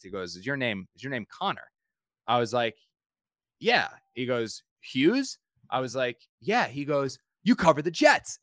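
Male podcast host, rapid rambling talker with a dry close sound. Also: medium pitch, fairly bright tone, no echo. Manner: rambling storyteller who repeats words. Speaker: podcast host and sports reporter. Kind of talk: casual podcast chat.

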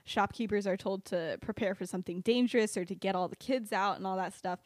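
A young woman casually retells a fan-fiction story on a podcast, chatty, packing in plenty of "like" and "um" and laughing at her own tale. Her mid-range voice is brisk. Studio-quality audio with no echo.

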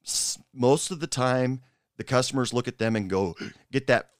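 Brief: middle-aged man, smooth low voice, dry close sound, rambling personal storyteller. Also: dry recording. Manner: rambling, halting, with frequent asides. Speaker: former bartender telling stories.

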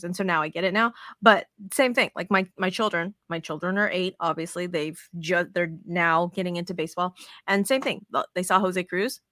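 A woman's voice: on the low side, a little fast, a bit bright, no echo, studio quality. A woman in her thirties chatting as a podcast guest, telling swear-filled stories with quoted back-and-forth. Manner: profane, storytelling with quoted dialogue. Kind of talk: casual chat.

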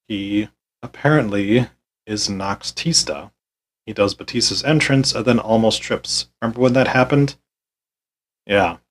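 A man hosting a podcast, recapping a wrestling show in a weary, deadpan, sarcastic way and swearing often. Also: on the low side, breathy edge, poor audio.

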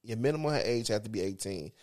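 A man with a Southern US accent co-hosting a casual podcast, profane and animated, acting out imagined quotes. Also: on the low side, fast talker. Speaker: podcast co-host. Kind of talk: casual chat.

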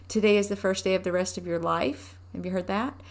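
Woman doing a devotional talk at home, middle-pitched voice, easygoing, keeps asking the listener questions. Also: steady tone. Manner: unhurried, asks listeners rhetorical questions. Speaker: devotional teacher. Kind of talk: conversational devotional teaching.

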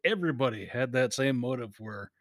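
A man chatting about a movie with a friend, relaxed and quick to laugh. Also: medium pitch, no echo, clean studio sound. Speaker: co-host.

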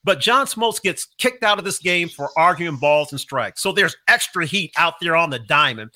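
A man hosting a podcast interview, telling a story in an animated way and asking leading questions. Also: fairly high pitch, normal speed. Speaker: podcast host.

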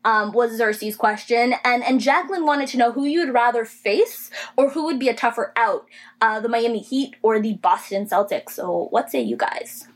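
A woman co-hosting a sports podcast, ranting fast and emphatically in casual chat. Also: a little high. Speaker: podcast co-host.

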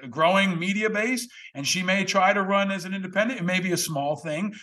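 Man with a bright tense voice, pretty high, blunt about politics. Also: fairly quick. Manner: blunt, emphatic, strategic. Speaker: political commentator. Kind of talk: casual political chat.

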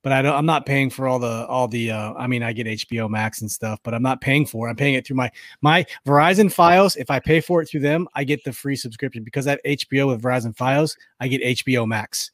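A man's voice: mid-range voice, fast, few pauses, fairly bright tone, no room sound, studio quality. Matter-of-fact podcast man. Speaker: podcast co-host. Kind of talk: casual banter.

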